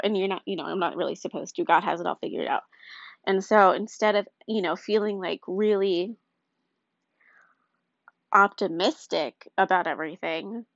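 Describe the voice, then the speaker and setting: A woman's voice: medium pitch, creaky, no echo. Young woman talking honest and tired, rambling bit, dry dull lo-fi sound. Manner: earnest, rambling, confessional. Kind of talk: candid faith talk.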